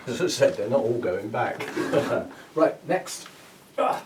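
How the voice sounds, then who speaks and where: A man hosting his own orchid channel speaks slowly in a mid-range voice with lively intonation, captured by a distant mic with faint background noise. He chats through a hands-on job, musing aloud and chuckling at himself while away from the mic.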